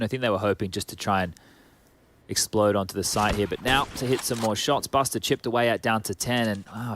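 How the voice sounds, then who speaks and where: A man with an Australian accent giving live play-by-play commentary on an esports match, with quick, excitable calls of the action. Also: mid-range voice, a little hiss or hum.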